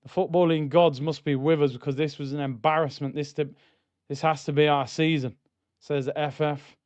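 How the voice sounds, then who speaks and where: Reacting to a football match on a live stream, a young man speaks at normal speed in a fairly high voice. He shouts excitedly at goals and later grumbles while reading the chat, captured in lo-fi sound with no echo.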